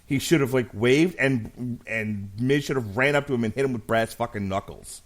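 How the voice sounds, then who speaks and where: A mid-range voice at a moderate pace belongs to this thirty-something podcast co-host. His casual chat is jokey and profane, built around storytelling.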